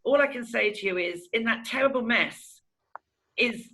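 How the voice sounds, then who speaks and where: Middle-aged woman, bright forceful voice, frank emotional testimony, mimics people she quotes. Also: a little high, moderate pace, poor audio. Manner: candid and animated, acts out past conversations. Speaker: interviewee giving a testimonial.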